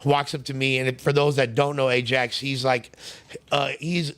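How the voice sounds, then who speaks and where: A man's voice: medium pitch, level tone, normal speed, fairly bright tone, clear, resonant tone. A man in a casual interview telling wild stories in heavy street slang. His voice sits mid-range, and he keeps dropping into the voices of the people he quotes. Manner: slangy, streetwise storytelling with frequent fillers. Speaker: interview guest.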